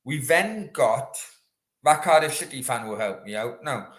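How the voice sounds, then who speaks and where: A man's voice: mid-range voice, expressive, unhurried, fairly bright tone, roomy sound. A man hosting a casual live chat with viewers, chatty and rambling. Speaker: host. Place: room in Australia.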